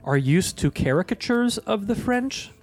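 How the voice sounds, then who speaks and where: An American man co-hosting a podcast, chatting casually about movies with rambling, deadpan jokes. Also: sits high, a little slow, faint music behind. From United States. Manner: joking, rambling, deadpan asides. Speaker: podcast co-host.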